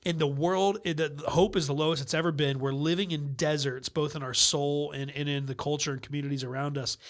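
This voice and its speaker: A fairly high-voiced man chats as a podcast guest. He is a pastor who tells anecdotes with animated energy, tumbling through restarts and asides. His tone is easygoing and conversational. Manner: animated storyteller, quick asides and restarts, laughs easily.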